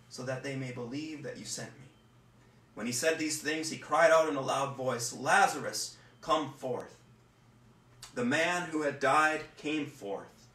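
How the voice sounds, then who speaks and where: A man who is a pastor, reading scripture and preaching at home in an earnest, halting way that repeats words. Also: medium pitch, fairly bright tone, far from the mic. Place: home room. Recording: roomy echo, voice from off-mic, faint room noise.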